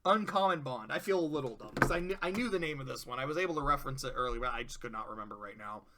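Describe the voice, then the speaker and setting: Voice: medium pitch, very fast, background noise. A cartoon episode reviewer in casual video commentary, rambling with profanity and laughing asides.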